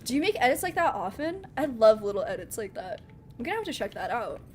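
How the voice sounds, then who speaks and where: A woman with a somewhat high voice chats playfully through a live game stream, joking and laughing easily. Game ambience and vehicle sounds come through clearly beneath her talk. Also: big pitch swings, quick pace, a little mellow, a little hiss or hum. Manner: playful, jokey, laughs often. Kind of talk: casual live gameplay chat. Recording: game sounds audible behind voice.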